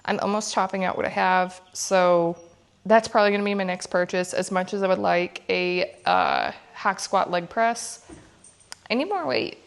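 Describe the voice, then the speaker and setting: A woman's voice: fairly low pitch, animated, moderate pace, creaky, smooth. Breathless young woman vlogging her workout. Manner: chatty, laughs often between sets. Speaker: fitness vlogger. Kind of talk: casual workout vlog. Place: home gym.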